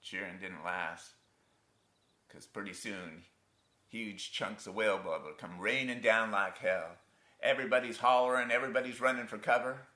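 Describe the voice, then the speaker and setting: A wry, haunted son with a folksy rural drawl; lowish but bright, with a roomy theatre echo. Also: male voice, steady tone, moderate pace. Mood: bitter. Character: grown man haunted by his abusive father. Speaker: actor in a stage monologue. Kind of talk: theatrical monologue. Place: theatre stage.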